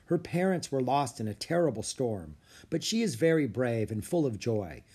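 Stately old penguin king talking slow and formal, lively pitch, man doing it. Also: breathy edge. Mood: solemn. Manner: measured, formal and solemn. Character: dignified male emperor penguin, calm and kind. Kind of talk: audiobook character voice.

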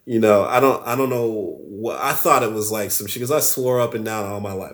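A man telling a story as a podcast guest, animated and loose, acting out the other people's voices and laughing often. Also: lowish voice, a little fast. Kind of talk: casual storytelling.

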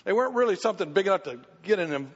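High-voiced older pastor. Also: male voice, very fast, breathy edge. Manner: animated storytelling, acts out quoted voices. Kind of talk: church Q&A teaching. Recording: muffled hall recording.

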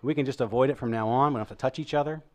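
A man who is a comedian guest on a casual stream, chatting in an animated, self-deprecating way. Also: mid-range voice, rapid-fire. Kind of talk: casual chat. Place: small studio room.

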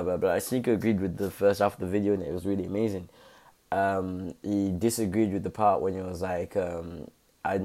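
A man's voice: low-pitched, mellow. Slangy young man rambling. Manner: rambling, slangy, fillers like innit. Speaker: content creator. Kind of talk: casual commentary.

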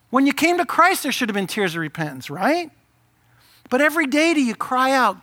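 A man's voice: very high voice, sing-song, moderate pace, sharp tone. A man preaching a sermon as pastor, impassioned and urgent, rising to emphatic peaks.

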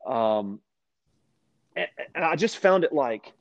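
A man from Louisiana, chatting casually as a guest and telling animated stories, often restarting his sentences and acting out quoted voices. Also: on the high side, slow. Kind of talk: casual storytelling chat.

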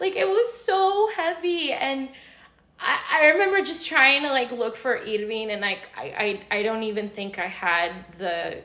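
Woman, casual podcast storyteller, bright tone, animated delivery, echoey kitchen sound. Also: fairly high pitch, unhurried. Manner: animated, acts out quoted voices, laughs often. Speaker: podcast co-host. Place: kitchen table at home, late at night.

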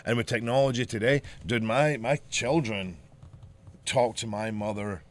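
A man's voice: medium pitch, measured pace. A middle-aged man with a Scottish accent, swearing freely and rambling through stories as a podcast co-host. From Scotland. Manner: profane, rambling storyteller. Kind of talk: casual chat.

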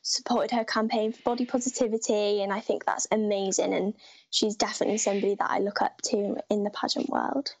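A woman's voice: medium pitch, level tone, brisk, gravelly. A teenage girl from North Wales, chatting upbeat with lots of fillers as a guest in a live interview. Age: teens.

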